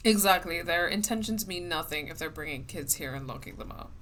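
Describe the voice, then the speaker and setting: A woman's voice: fairly low pitch, expressive, fairly quick, fairly bright tone, faint music behind. A young woman streaming a game, chatting bluntly and casually with some swearing. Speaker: let's play streamer. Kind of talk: casual gameplay commentary.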